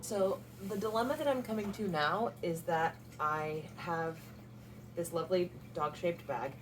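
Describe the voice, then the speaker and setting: A woman's voice: fairly low pitch, unhurried, music in the background, poor audio. A young woman casually narrating a sewing vlog in a chatty, self-deprecating way. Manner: chatty, self-deprecating, coos at her dog. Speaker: crafting vlogger.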